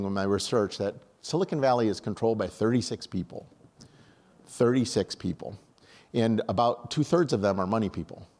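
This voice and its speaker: An older man from upstate New York giving an animated, conversational conference talk, often restarting his sentences. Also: fairly low pitch. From upstate New York, USA. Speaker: conference speaker.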